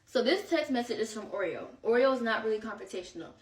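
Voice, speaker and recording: Animated young woman telling a story. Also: a little high, fast, recorded from a distance. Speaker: podcast host. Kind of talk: casual storytime. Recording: roomy echo, set back from mic.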